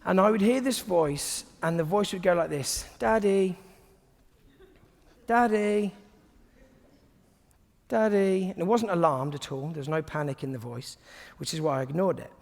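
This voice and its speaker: A man giving a sermon to a congregation, conversational and humorous, often dropping to soft, hushed tones. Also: fairly high pitch, a little fast, creaky, in a large hall. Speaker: guest preacher. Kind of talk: sermon with personal stories.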